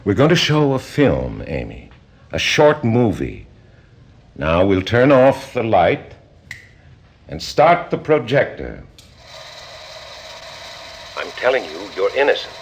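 A male psychiatrist with a low, husky voice who speaks in a measured, persuasive way. His delivery moves a lot in pitch as he presses his point. It sounds like an old film drama. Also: very animated, heavily acted. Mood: formal. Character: calm, insistent male psychiatrist doctor.

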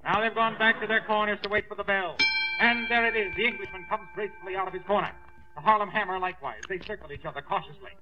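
A man playing a ring announcer calling a boxing match, loud and drawn-out, then steady play-by-play, in 1940s radio comedy acting, on a dull old recording. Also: sits high, over music, lightly acted. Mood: commentary.

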